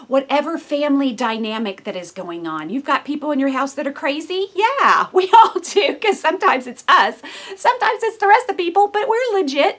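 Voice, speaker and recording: An earnest woman teaches from scripture in a chatty, conversational way. Her voice sits a little higher than most women's, and it lifts and quickens when she gets animated. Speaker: Bible teacher. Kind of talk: devotional Bible teaching.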